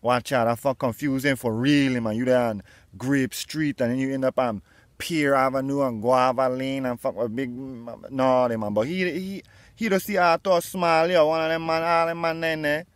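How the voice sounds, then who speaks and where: A man's voice: mid-range voice, steady tone, normal speed, no echo. Profane, mocking man. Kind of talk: comedy sketch banter.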